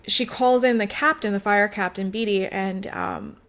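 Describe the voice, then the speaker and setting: A woman's voice: normal speed, few pauses. A woman co-hosting a podcast, retelling a book's plot in casual chat, swearing freely and acting out the characters' lines. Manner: chatty, swearing, acts out characters' lines with big jumps in pitch. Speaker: podcast co-host.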